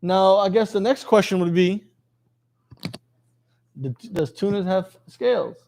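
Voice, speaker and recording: High-voiced man teaching a class. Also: measured pace, gravelly, a little mellow. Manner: jokey, quizzes students, reads text aloud. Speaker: religious teacher. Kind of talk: interactive classroom lesson.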